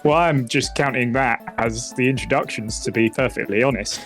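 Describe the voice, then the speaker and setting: A man's voice: medium pitch, moderate pace, fairly bright tone, soft background music. A man running a tabletop game as game master, amused and easygoing.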